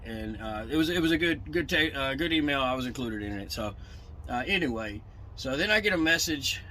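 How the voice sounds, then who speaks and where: Truck driver vlogger, blunt and profane, tense bright delivery. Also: male voice, medium pitch, expressive, a little fast, slight background noise, low-quality recording. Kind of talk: casual storytelling rant.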